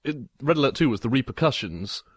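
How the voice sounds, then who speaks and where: A man makes dry, punning remarks in a casual podcast chat. His voice moves lively up and down, recorded close with no room sound. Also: medium pitch, fast, husky, no room sound. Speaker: podcast co-host.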